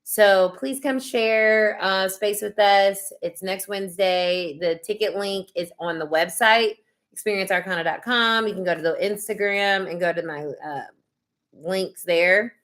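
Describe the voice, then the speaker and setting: A woman hosting a live tarot session. She talks in a loose, effusive, chatty way, full of fillers. Her pitch sits in an ordinary middle range. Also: unhurried, fairly bright tone. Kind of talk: casual live-stream tarot reading.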